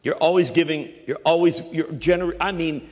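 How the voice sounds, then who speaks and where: A man's voice: a little high, moderate pace. Man preaching in a reverberant hall. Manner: emphatic preaching, repeats phrases, quotes voices. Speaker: pastor. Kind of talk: sermon.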